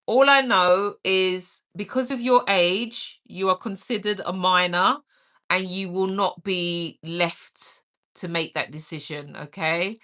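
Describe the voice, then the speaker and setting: Woman host, lowish bright voice, slow unhurried chat, energetic and caring. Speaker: livestream host. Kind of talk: casual livestream chat, reading out viewer comments.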